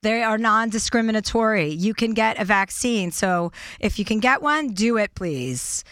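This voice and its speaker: A woman's voice: medium pitch, expressive, moderate pace, fairly bright tone, clear, resonant tone, dry recording, clean studio sound. A woman hosting a podcast, joking and bantering in casual chat, sometimes profane. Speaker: podcast host.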